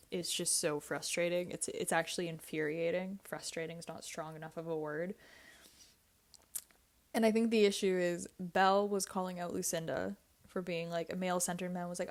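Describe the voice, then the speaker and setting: A woman's voice: fairly low pitch, steady tone, brisk. Blunt, ranting woman vlogger. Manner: blunt, repetitive, swears and uses slang. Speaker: reality TV reaction vlogger. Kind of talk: casual opinionated recap rant.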